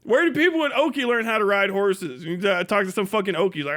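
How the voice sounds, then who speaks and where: A man's voice: high-pitched, fast talker, fairly bright tone. A man hosting a livestream, ranting crudely and mockingly, laughing often. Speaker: livestream host. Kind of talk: profane comedic rant.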